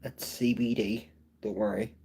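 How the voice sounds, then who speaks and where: A man's voice: on the low side, level tone, unhurried, vocal fry, dark tone, breathy edge. A man with a Belfast accent hosting a casual live-stream chat from home, rambling along with tags like "so it is". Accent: Belfast, Northern Irish. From Northern Ireland. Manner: rambling and chatty, with tag phrases like "so it is". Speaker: livestream host.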